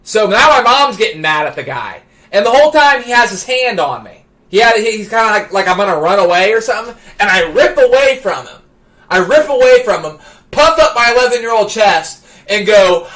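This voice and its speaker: High, bright-voiced male streamer. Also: a little fast. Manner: excitable, stammering restarts, builds to shouting. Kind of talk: animated anecdote telling.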